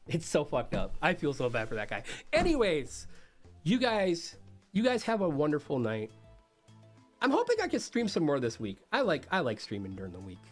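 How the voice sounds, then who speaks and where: Animated man telling a story on stream. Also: on the high side, moderate pace, soft background music. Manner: animated, swears freely, laughs often. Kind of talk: casual storytelling to a stream chat.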